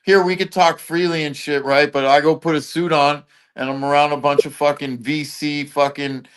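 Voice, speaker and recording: A man's voice: a little high, flat delivery, normal speed, a bit bright, clear, resonant tone. A man being interviewed as a guest, talking in blunt, loose street slang full of swearing. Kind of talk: casual chat.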